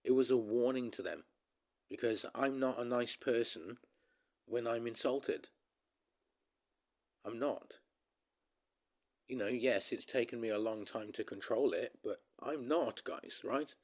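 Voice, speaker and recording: A man's voice: mid-range voice, unhurried, long pauses, a little mellow. A man ranting casually to his viewers in a vlog, rambling and emphatic, often calling them guys. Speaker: vlogger.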